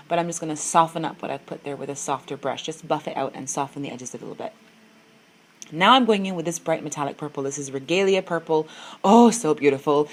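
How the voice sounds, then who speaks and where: A woman's voice: fairly low pitch, rough recording. A woman narrating her makeup tutorial in a casual, chatty voice-over, gushing over products and correcting herself as she goes.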